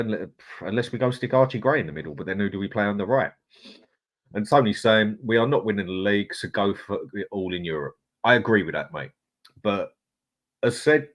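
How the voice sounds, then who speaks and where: A man hosting a casual live stream, chatting and reading out viewer comments. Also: low voice. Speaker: host.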